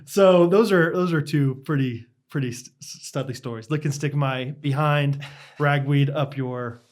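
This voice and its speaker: A young man co-hosts a podcast, spinning a casual story in a slightly high voice. He talks animatedly, laughs often and fills his sentences with "like". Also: moderate pace. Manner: animated, laughing, heavy use of "like". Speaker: podcast co-host.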